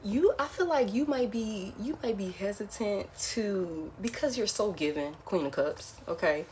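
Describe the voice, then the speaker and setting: A woman's voice: mid-range voice, expressive, a little slow, a little mellow, a little hiss or hum. A woman giving a casual, frank tarot reading who keeps repeating her key phrases. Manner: repeats phrases, frank and blunt, addresses listener as baby. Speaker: tarot reader.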